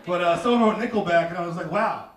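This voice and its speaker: High-voiced comedian on a roomy stage. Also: male voice, quick pace, noisy background. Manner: crude, animated, slips into mocking voices. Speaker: stand-up comedian. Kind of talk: stand-up comedy set. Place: small theater stage. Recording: roomy, distant mic, loud crowd laughter.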